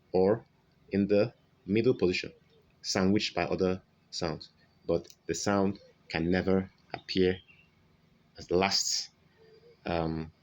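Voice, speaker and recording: A man's voice: low voice, dull audio. A man teaching English pronunciation in an online lesson, modelling vowel sounds and repeating examples, often checking in with "okay?". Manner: slow, repetitive, modelling sounds, frequent "okay?" check-ins.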